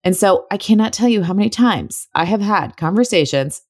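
A woman's voice: medium pitch, expressive, normal speed, darkish tone, no echo, studio quality. A young woman hosting a solo podcast, talking in a chatty, friendly way and breaking into laughs. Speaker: podcast host. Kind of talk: casual solo podcast talk.

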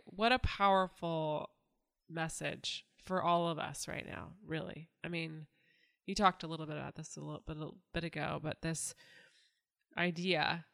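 A woman's voice: sits low, creaky, fairly bright tone. A woman hosting an interview, asking supportive, rambling questions with frequent restarts. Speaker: host. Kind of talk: interview conversation.

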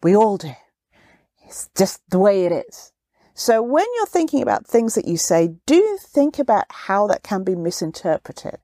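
A woman's voice: medium pitch, very animated, moderate pace, warm tone, dry recording, clean studio sound. A woman hosting a solo podcast on careers, talking conversationally and acting out quoted questions in a raised voice. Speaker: podcast host, career coach.

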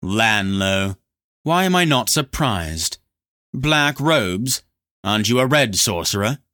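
A proud young prince answers coldly and defiantly, his words clipped, as a man acts him out. The tone is bright and forceful, read like a fantasy audiobook. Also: on the low side, sing-song, takes it slowly, no echo, studio quality, full character voice. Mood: dry.

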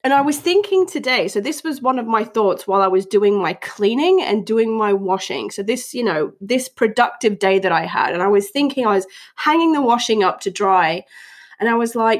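A woman's voice: fairly high pitch, lively intonation, moderate pace. A young woman chats casually as a podcast co-host. She talks loosely, with plenty of "like" and restarted sentences, and laughs often. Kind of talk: casual chat.

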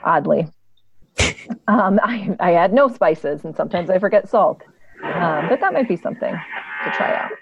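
A woman's voice: on the low side, big pitch swings, moderate pace, creaky, pauses often, dull audio, slight background noise. A woman co-hosting a podcast, asking questions in a playful, joking way. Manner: playful, asks questions, jokey. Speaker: podcast co-host. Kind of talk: casual podcast chat.

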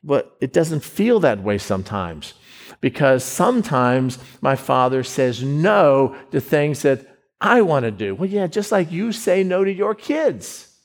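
A man's voice: a little high, very animated, a little slow. A middle-aged man preaching a sermon, emphatic, often stumbling over repeated words as he builds his point.

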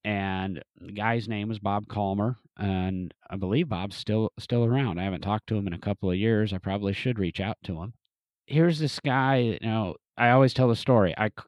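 Man, low voice, rambling casual storyteller, dry close recording. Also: darkish tone, dry recording, dull audio. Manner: rambling, many restarts and fillers. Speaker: museum restoration specialist, podcast guest or host.

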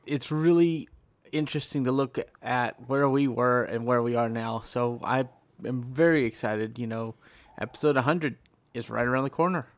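A man's voice: mid-range voice, normal speed, no room sound. A man hosting a podcast, chatty and upbeat as he leads a casual panel discussion. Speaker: podcast host.

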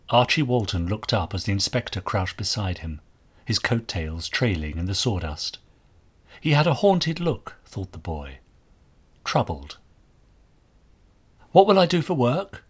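A man reads a novel aloud with expressive storytelling. His low, husky voice rises and falls in lively pitch. He is the author and podcast host. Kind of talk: audiobook reading.

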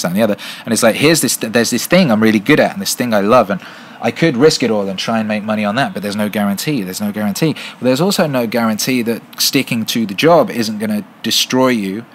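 A man's voice: on the low side, a bit bright. A middle-aged man hosting a show and answering viewer questions in casual talk, blunt and profane, rambling and repeating himself for emphasis. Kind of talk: casual solo livestream talk.

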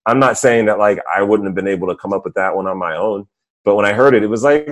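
A man's voice: on the low side, quick pace, soft background music. Candid man in casual chat. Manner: loose, candid, many "like" fillers.

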